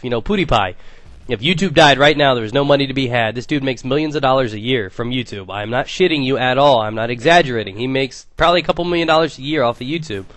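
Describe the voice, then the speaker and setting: A man's voice: medium pitch, a bit bright, dry recording. A young man telling a rambling, profane story in casual gaming commentary, with lots of restarts. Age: young adult.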